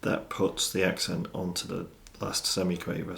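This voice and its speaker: A man with a very low, gravelly voice explains drum rudiments. He talks in a measured, methodical way, calling out stickings one by one. He sounds like a teacher walking a student through an exercise. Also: completely flat delivery, fairly bright tone. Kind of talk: instructional explanation. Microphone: studio mic with monitor system.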